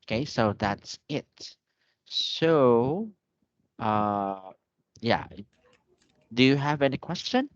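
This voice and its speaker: A male English teacher with a patient, repetitive way of explaining, his voice close and dry with no room around it. He speaks at a middle pitch and keeps checking that his student follows. The sound is dull and lo-fi, like audio from an online call. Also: animated, drawn-out words, pauses often, no room sound. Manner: patient, repeats and checks with "okay?".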